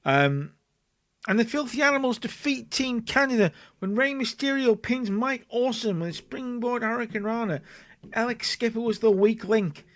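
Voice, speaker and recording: Man, let's play host, casual game commentary, high pitch, chatty, dry mic. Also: normal speed, a bit bright, no echo. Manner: chatty, narrates and acts out scenes.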